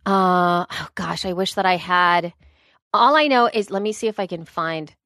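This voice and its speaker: A woman's voice: fairly low pitch, normal speed, bright, forceful tone, dry recording. Woman podcaster rambling on, trips over her words and laughs at it, dry mic. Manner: rambling, self-correcting, laughs at herself. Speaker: podcast co-host. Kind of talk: casual chat.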